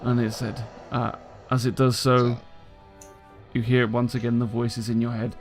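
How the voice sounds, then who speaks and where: A man as dungeon master, gravelly narration, halting with ums. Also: mid-range voice, monotone, over music. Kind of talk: narrating a tabletop game.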